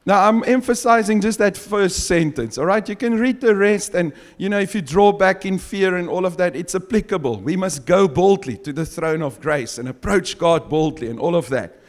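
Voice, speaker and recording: Male preacher, Afrikaans first language, emphatic, chuckles between points, high voice, echoing hall. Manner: slow, emphatic scripture reading with frequent chuckles. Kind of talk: sermon. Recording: long hall reverb.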